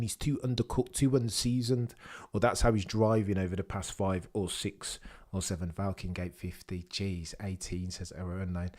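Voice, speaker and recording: A British man hosting a live race watchalong, chatting with viewers in a cheeky way and swinging between loud excited bursts and low mutters. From United Kingdom. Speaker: livestream host.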